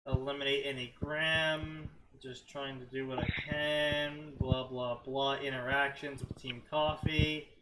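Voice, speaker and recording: A man's voice: mid-range voice, little pitch movement, a little slow, hardly any pauses, background noise. A man co-hosting a stream, reading fanfiction aloud and skimming parts with mocking "blah, blah" asides. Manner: skims text with mocking "blah, blah". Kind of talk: casual stream commentary.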